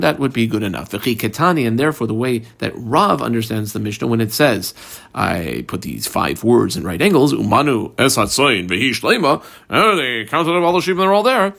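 A man's voice: mid-range voice, vocal fry. A man teaching a text study lesson, explaining step by step as he reads passages aloud and tells listeners what to mark, mixing casual talk with quoted terms. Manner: mixes casual chat with quoted Aramaic terms. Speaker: Talmud teacher. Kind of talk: daily page study lesson.

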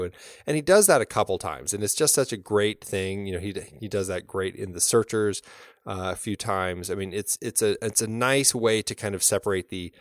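A man with a fairly low voice talks casually, circling his point with fillers and false starts. The sound is dry and close, with no room around it. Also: no echo. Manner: thoughtful, rambling with many fillers and restarts. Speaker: podcast co-host. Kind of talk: casual film discussion.

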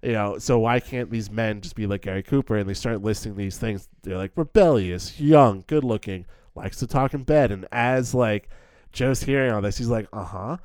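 Young man, film podcast co-host, casual chat, low voice, filler-heavy. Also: moderate pace, a little mellow, clear, resonant tone, dry recording. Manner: chatty, lots of "like" fillers, acts out character lines.

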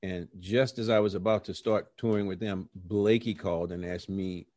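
A middle-aged man, a jazz musician being interviewed, telling stories about his early career in a lively, conversational way and acting out the voices he quotes. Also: deep voice, normal speed, no echo. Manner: animated storyteller who acts out quoted voices.

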